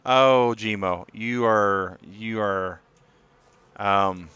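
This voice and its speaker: Male streamer, low bright voice, talks through gameplay and chats with viewers. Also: drawn-out words, clean tone, no room sound, lo-fi sound. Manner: chatty, reads and answers chat. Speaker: gaming streamer. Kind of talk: live gameplay commentary.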